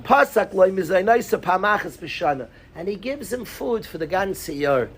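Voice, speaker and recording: A man teaching a lively Talmud class in a synagogue, quizzing his students by name and mixing in Hebrew and Yiddish terms. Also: sits high, normal speed, slightly rough.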